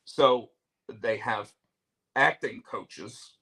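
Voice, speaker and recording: A man's voice: medium pitch, extremely slow, sharp tone. A man hosting a casual talk show, telling things in a rambling way and often restarting his sentences. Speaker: show host. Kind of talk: casual chat.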